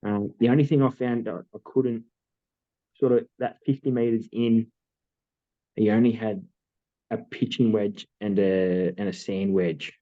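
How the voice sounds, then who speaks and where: Aussie guy rambling on a podcast, lowish voice, sounds like a phone line. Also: steady tone, measured pace. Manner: rambling storytelling with many fillers. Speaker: podcast co-host. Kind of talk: casual chat.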